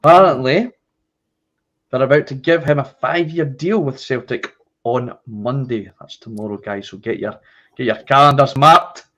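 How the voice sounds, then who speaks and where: A man's voice: mid-range voice, normal speed, fairly bright tone. Cheeky Scottish man hosting a podcast. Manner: cheeky, jokey delivery. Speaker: podcast host. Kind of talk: casual podcast chat with ad reads. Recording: slightly dull lo-fi sound.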